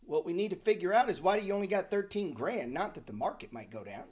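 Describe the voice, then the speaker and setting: A man's voice: high-pitched, expressive, fast talker, darkish tone. A middle-aged man hosting a casual stock market show, talking bluntly and sarcastically, with profanity and mock self-pity. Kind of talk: casual livestream talk.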